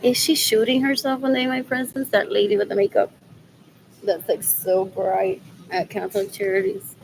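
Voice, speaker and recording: A woman from Puerto Rico vlogs while doing errands, speaking at a normal speed in a gravelly, mid-range voice with a level tone. She rambles, blends English with Spanish, and keeps coming back to "what else." The recording is low quality, with slight hiss or hum.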